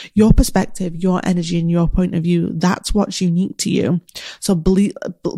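A woman's voice: on the low side, dark tone, no room sound, studio quality. A woman, a business coach, gives encouraging, chatty advice in a casual solo Q&A with many filler words. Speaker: business coach answering listener questions.

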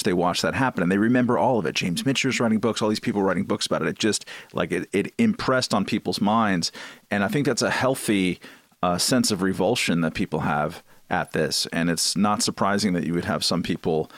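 A man's voice: low-pitched, normal speed, dry recording. A man co-hosting a podcast, talking loosely with lots of fillers. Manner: loose, filler-heavy talk. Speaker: podcast co-host. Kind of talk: casual conversational chat.

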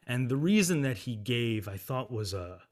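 A man, an opera singer and music writer, talking candidly as an interview guest, animated and quick to laugh. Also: medium pitch. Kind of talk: casual interview conversation.

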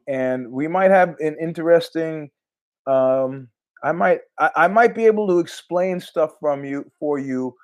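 Male podcast host, loose rambling solo talk, salty language, a touch high-pitched. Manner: rambling, profane, animated asides. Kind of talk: casual monologue.

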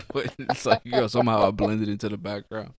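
Guy on a podcast, kinda low voice, dry sound, cusses a lot and acts stuff out. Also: moderate pace, no echo. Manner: animated, profane, acts out bits. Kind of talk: casual podcast chat.

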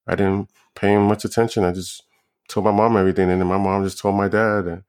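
A man's voice: low voice, little pitch movement, fast talker, darkish tone. A young man, a podcast guest talking casually, hesitant and often repeating his words. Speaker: guest, host's partner. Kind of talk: casual chat.

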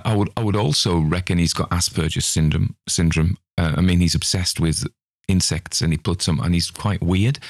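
Aussie guy, really low voice, dry close mic, chatty rambling podcast talk. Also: creaky, dry recording. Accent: Australian. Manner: rambling, chatty, self-mocking asides. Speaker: podcast host. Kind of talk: casual spoken commentary on a ghost story.

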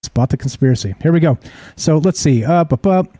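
A man with a fairly high, dark and mellow voice hosts a live talk show in a skeptical, rhetorical manner, forever asking his listeners whether they follow. The sound is dry and close, with no room around it. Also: animated, brisk, no room sound. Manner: skeptical, rhetorical, keeps asking the audience "right?". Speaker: host.

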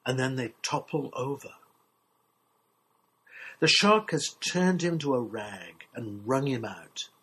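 Slow, husky-voiced man reading a story. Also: medium pitch, low-quality recording. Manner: measured, expressive storytelling. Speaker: story reader. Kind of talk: literary short story reading.

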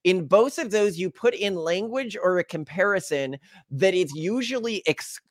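A young man hosts a conversation, recorded dry and close with no room sound. He sums up his guest's points analytically, restarting a phrase now and then. His voice sits a little high. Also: expressive, moderate pace, no echo. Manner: analytical, summarizing, some hesitant restarts. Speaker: podcast host. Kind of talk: interview conversation.

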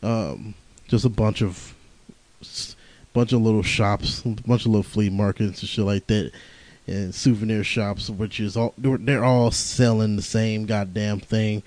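A man's voice: fairly low pitch, fairly even intonation, measured pace, darkish tone, dry recording, low-quality recording. Tired, laughing man rambling on a podcast. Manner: profane, laughing, rambling storyteller. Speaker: podcast host. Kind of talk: casual rambling monologue.

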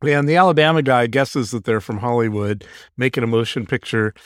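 Man, podcast co-host, casual recap, laughs a lot, mid pitch, dry close sound. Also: fairly even intonation, fairly quick, clear, resonant tone, no echo. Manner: laughs often while retelling scenes. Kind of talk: casual chat recapping an episode.

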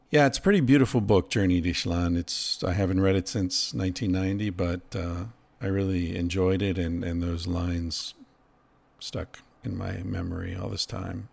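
A middle-aged man hosting a podcast, musing in an unhurried, casual way and swearing now and then. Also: low voice, fairly even intonation, gravelly, darkish tone, no echo. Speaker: podcast host. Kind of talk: reflective casual monologue.

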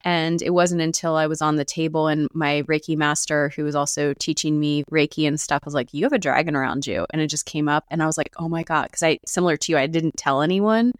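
A woman guest on a podcast, chatting casually in a relaxed, loose way with casual swearing. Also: deep voice, a little fast, hardly any pauses, smooth, no room sound, studio quality.

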